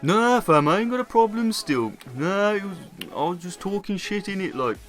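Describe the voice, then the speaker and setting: A man's voice: a little high, moderate pace, fairly bright tone, faint music behind, natural voice. A man doing a mouthy young footballer. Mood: taunting. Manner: mocking, slangy taunts. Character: cocky young male London-slang footballer who mouths off.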